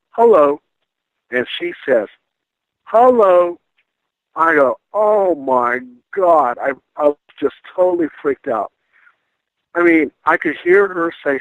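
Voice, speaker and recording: A middle-aged man, a paranormal investigator, telling a ghost story in a casual, animated way and acting out the voices he quotes. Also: on the high side, creaky, no echo. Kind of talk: casual storytelling on a radio call-in. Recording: dry tinny phone line.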